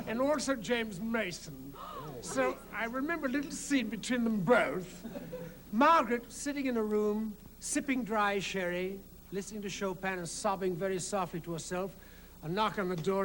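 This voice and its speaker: Animated, laughing comedian telling stories. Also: male voice, high-pitched, slight background noise. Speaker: actor and comedian guest. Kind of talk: anecdotes and impressions.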